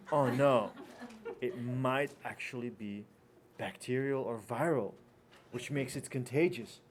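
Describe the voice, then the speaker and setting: A man lecturing a class in a loose, conversational way, walking through a story and slipping into the voices of a worried doctor and a complaining patient. His pitch sits in an ordinary middle range, with a faint hiss of noise underneath. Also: a little slow. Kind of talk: teaching lecture with anecdotes.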